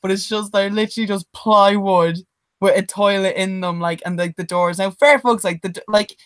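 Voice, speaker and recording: A woman co-hosting a podcast, telling animated stories with plenty of swearing and laughter. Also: medium pitch, normal speed, dry recording, poor audio. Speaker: podcast co-host. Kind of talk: casual chat.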